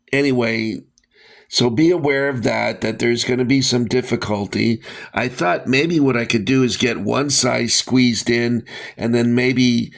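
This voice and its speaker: A man's voice: fairly low pitch, creaky. A man casually reviewing vintage toy soldiers, rambling with lots of fillers and dry jokes, a bit winded.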